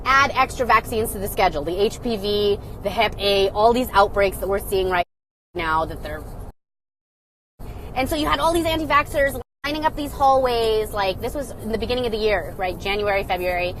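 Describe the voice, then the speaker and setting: A young woman hosting a casual live stream, talking loudly and excitedly in a sarcastic, mocking way. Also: medium pitch, normal speed, a little hiss or hum, rough recording. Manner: loud and excited. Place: indoors, phone live stream. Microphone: phone.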